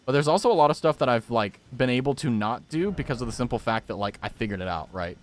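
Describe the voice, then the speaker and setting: Quick-paced and animated at medium pitch, a young man streams a game and chats casually with viewers. He's jokey and rambling, reacting aloud to whatever happens on screen.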